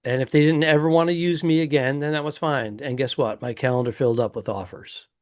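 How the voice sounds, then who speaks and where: A middle-aged man, a stand-up comedian co-hosting a podcast, trading teasing and boastful banter with deadpan jabs. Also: mid-range voice, fairly quick, dry recording, studio quality. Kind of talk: casual comedic chat.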